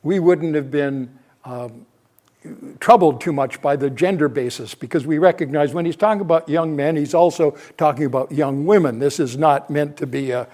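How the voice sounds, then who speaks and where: An older man preaches on Scripture in an expository style, his fairly high, dark-toned voice moving at a moderate pace as he thinks aloud and frequently corrects himself.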